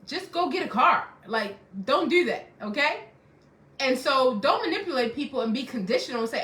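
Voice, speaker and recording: Middle-aged woman, life coach; preachy, emphatic repeater, bright and higher voice, roomy echo. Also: expressive, normal speed. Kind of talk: motivational self-help talk.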